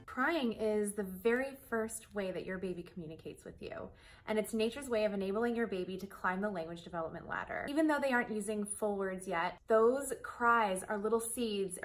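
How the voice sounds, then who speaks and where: A woman's voice: mid-range voice, normal speed. A woman hosting a parenting lesson, explaining in a friendly, reassuring way. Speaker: host.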